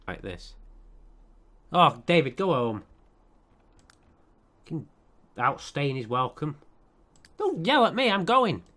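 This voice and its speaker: A man's voice: mid-range voice, a bit bright. A man commentating over a life-sim game, sarcastic and profane as he scolds the characters. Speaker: let's play commentator.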